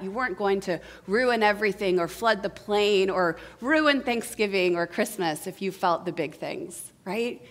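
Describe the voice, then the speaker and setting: A woman giving a sermon as guest preacher, earnest and conversational, asking her listeners many questions and tagging points with a quick "right?". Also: medium pitch. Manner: intimate, asks the congregation many questions; earnest, swings between soft and emphatic.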